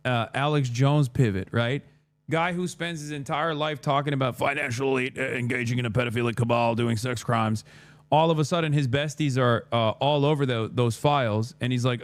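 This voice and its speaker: A male streamer reacts live in a sarcastic, mocking manner at a mid pitch. His voice sits close and dry on the microphone, with no room sound. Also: moderate pace, no room sound. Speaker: streamer host. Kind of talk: livestream reaction commentary.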